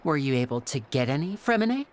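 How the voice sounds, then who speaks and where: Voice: mid-range voice, very animated, a little fast, slight background noise, lightly acted. A performer voicing a charming, polite young stage magician in a video game. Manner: polite, smooth, light laughs.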